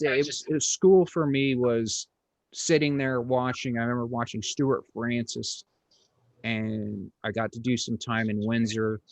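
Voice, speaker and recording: A man's voice: medium pitch, dry recording. Dry-voiced man rambling through a story. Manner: rambling, lots of fillers and restarts, blunt and crude. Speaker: interview host and comedian. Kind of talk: casual storytelling chat.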